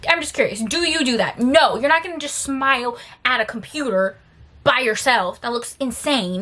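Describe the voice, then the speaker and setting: A young adult woman chatting casually as a book vlogger, tired but animated, telling stories with sassy, emphatic asides. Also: on the high side, normal speed.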